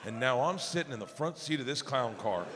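A man doing crude, animated stand-up storytelling on a theater stage into a handheld mic, with an audience present. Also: mid-range voice, a little fast, background noise. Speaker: stand-up comedian. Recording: live theater hall with audience.

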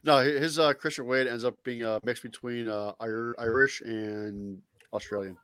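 A man's voice: medium pitch, steady tone, moderate pace, fairly bright tone, clear, resonant tone, dry recording. A man, a podcast guest, laughing and teasing in casual banter.

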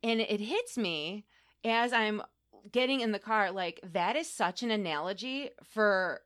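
Woman podcast co-host, mid-pitched, lively storyteller who laughs and swears freely. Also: unhurried. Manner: animated, laughing, profane. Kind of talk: casual chat, personal storytelling.

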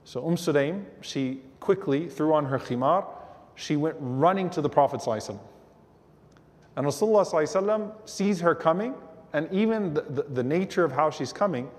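A man's voice: fairly high pitch, fast. Man telling a story in a reverberant hall. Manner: animated storytelling, acts out quoted voices. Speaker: Islamic lecturer. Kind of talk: storytelling lecture.

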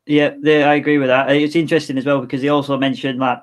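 A man co-hosting a casual football podcast, relaxed and opinionated. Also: medium pitch, quick pace. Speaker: podcast co-host.

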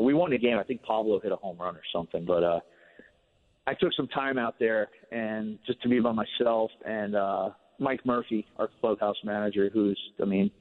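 A former ballplayer on a radio interview, telling a long story in a relaxed, rambling way full of fillers. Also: male voice, on the low side, big-room sound. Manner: relaxed, rambling, many fillers like "you know". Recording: phone-line sound on radio.

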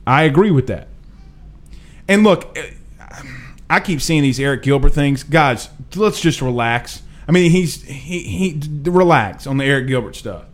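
A man hosting a live sports talk show, reading viewer comments in an emphatic, animated, slangy way. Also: on the high side, measured pace. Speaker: host.

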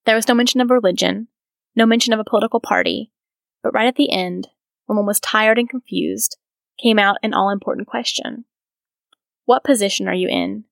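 A woman's voice: fairly high pitch, steady tone, brisk, gravelly, no echo. A woman hosting a podcast who reads from a biography aloud and adds earnest, reflective comments of her own. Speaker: podcast host.

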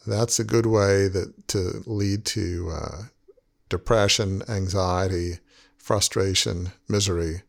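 A man's voice: low voice, steady tone, takes it slowly, gravelly. A man in his sixties hosting a podcast, talking in an earnest, rambling way with many "you knows". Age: 60s. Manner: earnest, rambling, heavy use of "you know". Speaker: podcast host. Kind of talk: reflective podcast conversation.

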